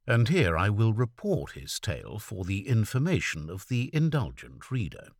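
A man narrating a classic story as an audiobook, in a measured, expressive storytelling manner. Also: lowish voice, no room sound, clean studio sound.

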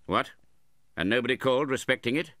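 A man's voice: medium pitch, fairly quick, bright, forceful tone, no echo, studio quality, pitched above the performer's own voice, close to an everyday voice. A man reading the part of a cold, hard-hearted middle-aged moneylender in an audiobook, speaking curtly and sternly. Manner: curt and stern.

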